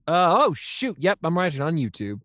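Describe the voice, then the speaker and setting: A man chatting as a guest on a game stream, excitable and cheering. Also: fairly high pitch, normal speed, dry recording. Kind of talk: casual stream chat.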